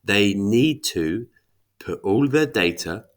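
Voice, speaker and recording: A man's voice: on the low side, expressive, slow pace. A young man with a sniffly cold, teaching psychology statistics over slides in a chatty way with emphatic rhetorical questions.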